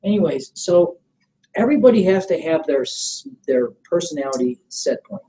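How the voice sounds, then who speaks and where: A middle-aged man leading a motivational sales training seminar. He coaches with energy, keeps checking that the room is following, and acts out sample pitches. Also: animated, moderate pace, mellow, slight background noise, rough recording. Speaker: network marketing trainer.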